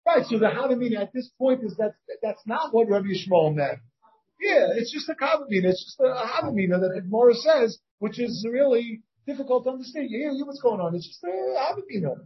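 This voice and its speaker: A very animated rabbi with a high, somewhat husky voice leads an informal Talmud lesson at a quick pace. He reasons out loud, breaks off to restart his sentences, and keeps questioning his students. The dull, lo-fi sound comes from a shared class recording made partly over a video call.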